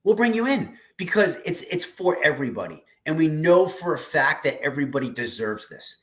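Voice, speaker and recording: A man's voice: a little high, sing-song, a little fast. A man hosting a weekly diet community livestream, giving a passionate, emphatic pep talk full of repeated phrases and casual swearing. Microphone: video call streaming setup.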